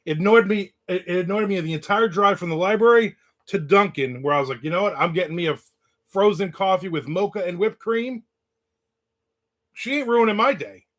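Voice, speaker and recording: A man's voice: high-pitched, brisk. A man hosting a casual live stream, telling a story and reading out viewer comments. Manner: storytelling, reads out chat comments. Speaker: host. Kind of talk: casual livestream chat. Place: in the American South.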